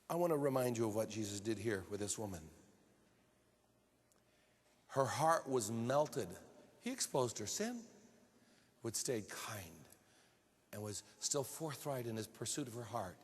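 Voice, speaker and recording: A man preaching a sermon earnestly, building to emphatic high-pitched peaks. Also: expressive, measured pace, pauses often. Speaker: pastor. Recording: long hall reverb.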